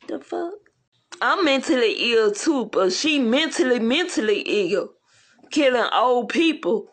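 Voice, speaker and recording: A woman's voice: on the high side, a bit bright. A woman ranting bluntly and profanely in a casual livestream, rambling from one complaint to the next.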